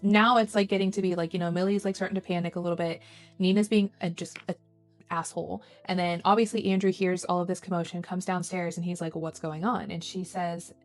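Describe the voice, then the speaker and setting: A woman's voice: lowish voice, little pitch movement, fast, soft background music. A young woman co-hosting a casual book podcast, retelling the plot at length and slipping into the characters' lines. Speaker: podcast co-host.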